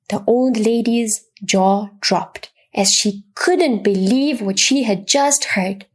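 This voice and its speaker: Slow, husky woman narrating a children's story. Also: a little high. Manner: slow, expressive reverent storytelling.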